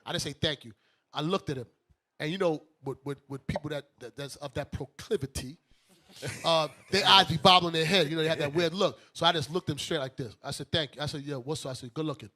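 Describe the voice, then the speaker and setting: A man from Brooklyn hosting a talk show, telling a story casually in an animated, joking way. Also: on the high side, quick pace. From Brooklyn, New York. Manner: animated, joking, often laughs mid-story. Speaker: host and bishop.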